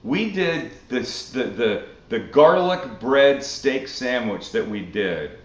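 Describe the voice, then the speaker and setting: A man from Canada hosting a live cooking Q&A, chatting casually with animated, swearing asides. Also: mid-range voice, slow. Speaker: cooking show host. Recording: roomy, dull lo-fi sound.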